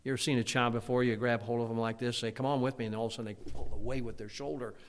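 A man preaching a fiery sermon as pastor, loud and emphatic, with stammered restarts. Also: mid-range voice, level tone, very fast. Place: church sanctuary. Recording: long church reverb.

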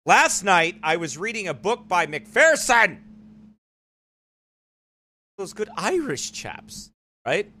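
A man's voice: high voice, big pitch swings, takes it slowly, pauses often, pushed and bright. A man hosting a live church online broadcast, talking in a rambling, digressive way in casual commentary. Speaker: church livestream host.

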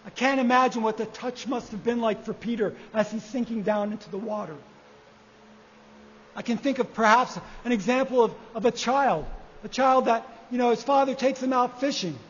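A man preaching a sermon, measured and repeating key phrases for emphasis. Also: very high-pitched, slight background noise. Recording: echoey hall, dull lo-fi sound.

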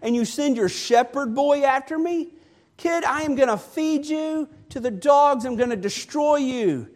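A preacher voicing an angry, boastful giant warrior who loudly mocks a boy in a retold story. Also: very high-pitched, animated, a little slow, pitched above the performer's own voice. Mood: furious taunting. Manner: shouting taunts, mocking.

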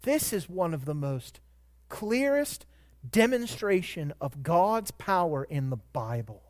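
High-voiced preacher with surging emphasis. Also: male voice, sing-song, takes it slowly. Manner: dynamic preaching, swelling to loud emphatic peaks. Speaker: pastor. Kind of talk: sermon.

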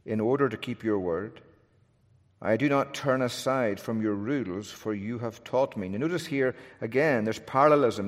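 Man preaching in an echoing hall. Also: medium pitch. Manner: earnest, emphatic, with restarts and asides. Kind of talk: sermon. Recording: long hall reverb.

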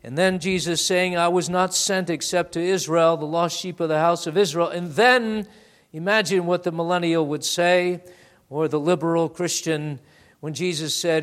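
A man preaching a sermon, reading scripture aloud with slow, stressed phrasing and calling his listeners beloved. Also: a little high, steady tone. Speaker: pastor.

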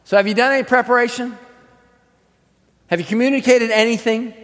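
A man with a very high voice preaching a sermon, his words ringing out with a long hall reverb. He teaches casually, poses questions to the congregation, and pushes his voice up hard to stress key points. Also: steady tone, brisk, fairly bright tone. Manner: conversational teaching with rhetorical questions; emphatic, raises voice for stress. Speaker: pastor.

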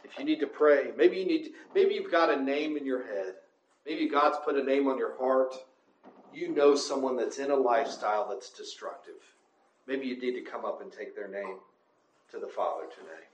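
A man's voice: medium pitch, moderate pace, reverberant, muffled recording, a little hiss or hum. A man preaching a sermon as pastor, building to impassioned cries, then leading a closing prayer.

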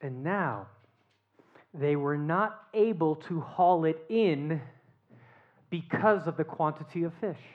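A preacher delivers a sermon as lively storytelling, asking the congregation rhetorical questions and then sinking into near-whispered asides. The voice sits at a middling pitch and comes through a dull, muffled recording. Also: takes it slowly, long pauses. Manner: animated storytelling with rhetorical questions, dropping to a hushed tone. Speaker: pastor.

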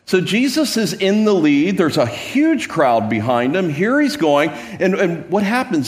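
A pastor preaching a sermon in a slightly higher-pitched male voice. He retells the scene with energy, often restarting words, then dropping low and rising again to exclaim. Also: measured pace, hardly any pauses. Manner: animated preaching with many stammered restarts; acts out Gospel scenes, swinging from hushed to exclaiming.

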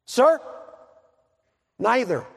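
A man voicing a frightened man stuck up on a high wire, stammering and pleading. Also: big pitch swings, fairly quick, slightly rough, exaggerated voice. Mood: panicked. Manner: stammering, panicky. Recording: long hall reverb.

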